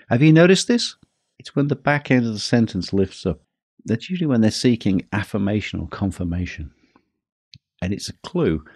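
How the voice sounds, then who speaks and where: A man speaks in a low, slightly husky voice as he hosts a podcast about teaching. His delivery is measured, easing the pace for emphasis. The sound is dry and close, with no room echo. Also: darkish tone. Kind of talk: scripted podcast talk.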